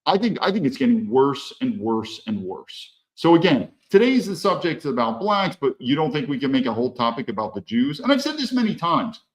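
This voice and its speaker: A man's voice: medium pitch, very animated, a little fast, few pauses, low-quality recording. A man hosting a podcast, commenting on a clip in a conversational way with hesitant restarts. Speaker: podcast host.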